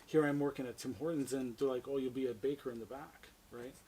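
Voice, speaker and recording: A man's voice: medium pitch, fairly even intonation, fast, dark tone, slight background noise, poor audio. A man, a podcast guest, telling his life story candidly, swearing freely and often asking "right?". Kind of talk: casual storytelling interview.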